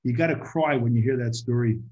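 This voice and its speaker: A man giving an informal Torah talk to a group, halting and repeating his words, sometimes asking the audience questions. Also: mid-range voice, a little mellow. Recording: muffled lo-fi recording.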